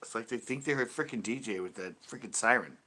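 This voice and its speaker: A man's voice: on the low side, fast talker, pushed and bright. A man from California, hosting a fishing channel in casual livestream chat, ranting loosely and swearing freely.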